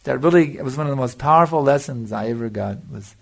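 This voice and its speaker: A man's voice: mid-range voice, quick pace, creaky. An older man giving a devotional lecture as a spiritual teacher, earnest and repeating himself for emphasis, answering a listener's question.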